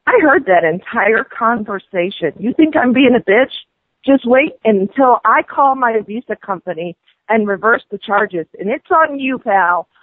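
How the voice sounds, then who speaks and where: A woman's voice: on the high side, animated, unhurried, no room sound. Mad woman ranting about a repair over a tinny phone line, dry sound. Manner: indignant, rants and swears. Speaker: prank call target, angry customer. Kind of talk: phone call complaint.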